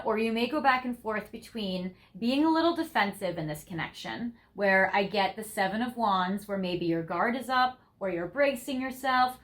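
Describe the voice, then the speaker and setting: A woman's voice: on the high side, a bit bright. A young woman giving a tarot reading to viewers, gushing and effusive, laughing often as she talks through the cards. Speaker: tarot reader.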